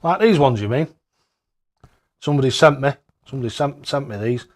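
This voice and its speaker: A man, hosting a casual darts live-stream, chatty and jokey, laughing often and loud when he greets viewers. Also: mid-range voice, lively intonation, a little fast.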